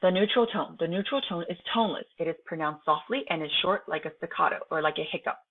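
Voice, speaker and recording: A woman's voice: on the low side, fast. A woman teacher whose first language is Chinese, reading a textbook lesson aloud and breaking off to chat to her students with frequent "right?" tags. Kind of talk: recorded online lesson. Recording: tinny phone-like home recording.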